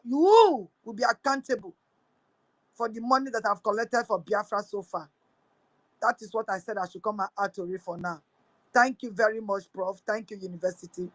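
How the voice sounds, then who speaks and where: A woman's voice: mid-range voice, dry recording, poor audio. A woman with a Nigerian accent mixing in pidgin, angrily accusing someone in a live audio room. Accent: Nigerian English with pidgin. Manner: angry, accusing, repetitive. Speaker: speaker on a live audio space.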